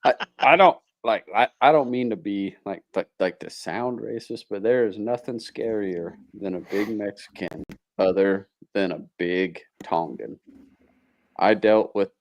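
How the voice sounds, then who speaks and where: Man, very low voice, hesitant casual chat, repeats words, dry close sound. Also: a little slow, dry recording.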